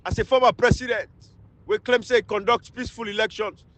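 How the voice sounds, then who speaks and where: Fiery Sierra Leonean man, high voice. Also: steady tone, fairly quick, no room sound, low-quality recording. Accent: Sierra Leonean Krio. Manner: fiery, scolding, repetitive, swings between loud outbursts and low mutters. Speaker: political commentator. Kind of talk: impassioned political rant.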